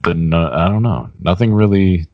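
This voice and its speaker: A man co-hosting a podcast in casual chat, relaxed and laughing often, with sentences that trail off. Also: deep voice, moderate pace, no room sound, highs cut off. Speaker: podcast co-host.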